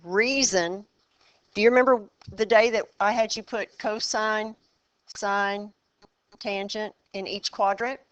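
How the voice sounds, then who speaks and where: Smooth-voiced woman teaching math class. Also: medium pitch, steady tone. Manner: quizzing the class, brisk and encouraging. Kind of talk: classroom lesson.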